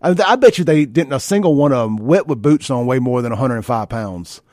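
A brash man hosting morning talk radio, mocking and offhand, slipping into live ad reads. His voice sits at an ordinary middle pitch. It is recorded close on a studio mic with a dry, dead sound. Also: lively intonation, fairly quick, a little mellow, dry recording. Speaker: radio talk show host. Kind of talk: conservative talk radio monologue. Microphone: studio microphone.

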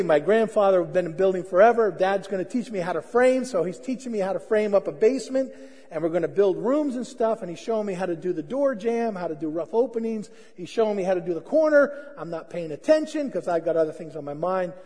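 A man's voice: high voice, mellow, husky, in a large hall. A man preaching a sermon as pastor, telling stories in a conversational, self-deprecating way. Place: church hall.

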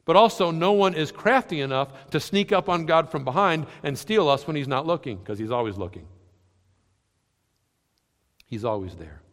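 Emphatic preacher in a reverberant hall. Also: male voice, fairly high pitch, expressive, moderate pace, long pauses. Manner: wide swings between loud emphatic lines and soft near-quiet ones. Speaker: pastor. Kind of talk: sermon.

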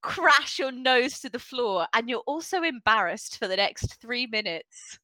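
A woman game master narrating a tabletop adventure with brisk, teasing delivery. Her voice is high, bright and forceful, recorded dry and close. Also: expressive, dry recording, low-quality recording.

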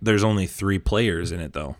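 A man's voice: low-pitched, normal speed, no room sound, clean studio sound. A man co-hosting a casual pop-culture podcast with teasing, laid-back banter. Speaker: podcast co-host.

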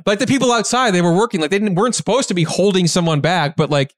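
A man with a voice pitched a little above most men's tells a story on a podcast. He rambles along, stuffing in fillers and starting over mid-sentence. It is recorded close on a mic in a dry, dead room. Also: fast, dry recording. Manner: rambling, filler-heavy, animated retelling. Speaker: podcast guest. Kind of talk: casual storytelling.

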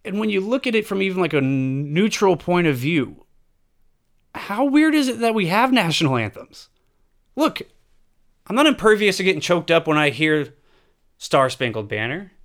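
A man delivers a heated opinion monologue and leans on rhetorical questions and swearing. His voice is smooth and resonant and sits a bit high for a man. He punches his points with emphasis. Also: big pitch swings, normal speed, fairly bright tone.

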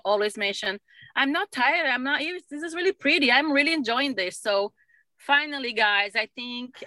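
Bright-voiced mother telling a story. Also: medium pitch, dry recording. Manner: animated storyteller, laughs often. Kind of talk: casual conversation. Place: lives in Utah.

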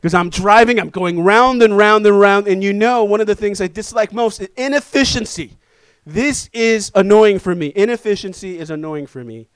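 High-voiced man preaching with humor. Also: moderate pace, clear, resonant tone, no room sound. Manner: animated, self-deprecating storytelling. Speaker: pastor. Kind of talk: sermon with humorous personal story.

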